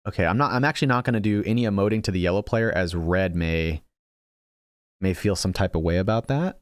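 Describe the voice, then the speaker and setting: A man's voice: low voice, brisk, no room sound. A young man commentating his own strategy game casually, thinking aloud and teasing himself about his misplays. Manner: thinks aloud, self-mocking, frequent restarts. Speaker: gaming channel host.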